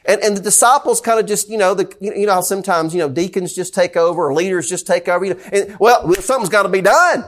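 A man's voice: high voice, steady tone, fast, few pauses. A man with a Southern US accent, a pastor preaching a sermon in a church, talking conversationally and repeating questions to the congregation. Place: church sanctuary.

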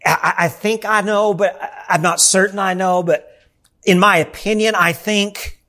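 A man's voice: high voice, fairly even intonation, moderate pace, sharp tone. A man voicing a timid, hesitant man unsure of his faith, who stammers and hedges every word. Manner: stammering, hedging.

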